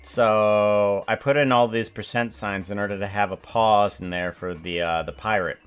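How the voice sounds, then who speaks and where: A man streaming live, chatting casually in a rambling, halting way as he works. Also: fairly low pitch, steady tone, clear, resonant tone, faint music behind. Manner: rambling, halting, self-correcting.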